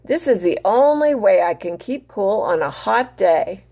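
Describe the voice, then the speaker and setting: A woman's voice: mid-range voice, expressive, a little slow, warm tone. Busy storybook duck, read by a woman. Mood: dismissive. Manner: brushing off, impatient. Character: busy male duck, dismissive, keeping cool.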